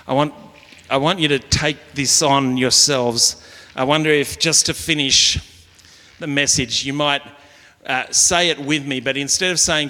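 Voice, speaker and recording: A man's voice: fairly high pitch, fairly even intonation, normal speed, pushed and bright, big-room sound. A man preaching as pastor, reading scripture and leading his congregation in earnest call and response. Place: church hall.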